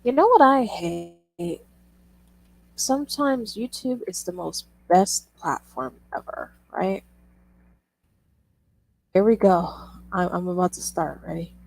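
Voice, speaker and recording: A woman's voice: fairly low pitch, takes it slowly, creaky, pauses often, a little mellow, rough recording. A young woman streaming while she draws, chatting in a rambling, casual way, swearing and laughing often. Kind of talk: casual livestream chat while drawing.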